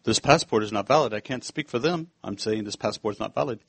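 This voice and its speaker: Stern border guard, as a preacher puts him on. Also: male voice, fairly low pitch, quick pace, vocal fry, breathy edge, no echo, voice pushed down, exaggerated voice. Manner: flat, stern, clipped. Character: stoic, muscular male border guard.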